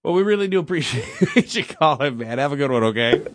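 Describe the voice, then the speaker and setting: A man's voice: fairly high pitch, fast talker. A male radio host chatting and joking with his co-host and callers. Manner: joking, animated. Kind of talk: casual chat.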